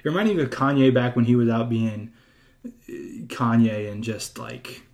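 A man from California hosts a casual podcast conversation at an ordinary middle pitch. He rambles in an animated way, full of fillers and restarts, and jumps up high when he acts out other people. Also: normal speed. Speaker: podcast host.

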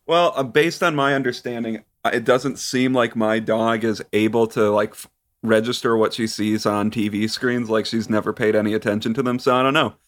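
A man co-hosting a podcast over a video call, telling stories in a relaxed, wry way. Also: mid-range voice, normal speed. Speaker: podcast co-host. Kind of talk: casual podcast chat.

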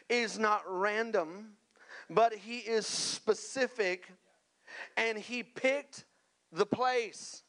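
A man's voice: sits high, drawn-out words, fairly bright tone. A man preaching a sermon, speaking emphatically with chatty asides and calling out to the congregation. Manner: conversational asides and repeated words. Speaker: pastor.

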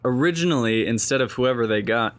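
A man's voice: mid-range voice, fairly quick. A man in a casual podcast chat, making brief dry remarks.

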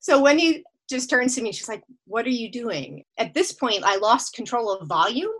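A woman telling a long personal story in casual chat, acting out her own lines with bursts of shouting and laughter. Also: on the high side, lively intonation, moderate pace, background noise. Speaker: guest storyteller.

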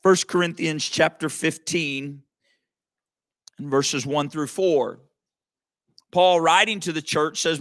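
A man's voice: a little high, steady tone, slow pace, long pauses, fairly bright tone, no room sound. Emphatic male preacher, dry sound. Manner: emphatic, calls to the congregation with asides like "okay?" and "amen". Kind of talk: sermon.

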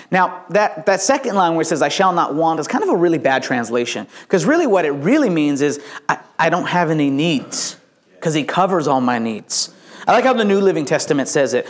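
A man preaching a sermon with playful jokes and frequent stammered restarts, a father of young kids. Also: a little high. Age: adult with young children. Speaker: pastor.

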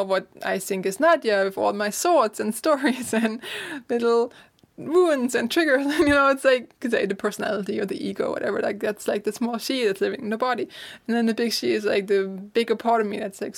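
A woman's voice: mid-range voice, gravelly. A young adult woman from Germany, talking casually as an interview guest, laughing often and filling her speech with "like". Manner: chatty, laughs often, many "like" fillers. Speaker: guest, author and course teacher.

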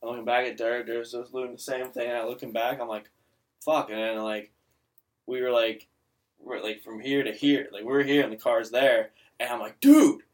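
A man's voice: mid-range voice, flat delivery, normal speed, distant mic. A young man in casual podcast chat, telling a rambling story full of filler words.

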